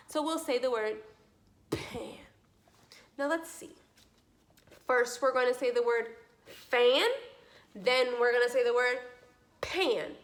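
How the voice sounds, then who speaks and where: A young adult woman giving a children's speech lesson, speaking slowly and clearly with encouraging questions. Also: a little high. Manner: slow, clearly articulated, encouraging teacher talk with lively questions. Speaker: speech therapy teacher.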